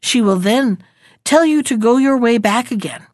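A woman's voice: on the high side, lively intonation, moderate pace, dry recording, studio quality, lightly acted. A woman voicing a wise, commanding magic horse in a storybook, giving firm instructions.

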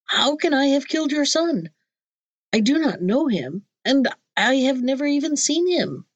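Woman doing a scared merchant guy, high and shaky, begging for his life. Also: fairly quick, a bit bright, dry recording, muffled recording. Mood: pleading. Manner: trembling, pleading, raised pitch. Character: terrified pleading male merchant.

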